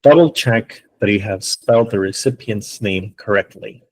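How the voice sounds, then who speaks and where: Low husky male English teacher. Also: rough recording. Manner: patient, explaining step by step with frequent "right?" checks. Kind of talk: online classroom lesson. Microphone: computer mic on a video call.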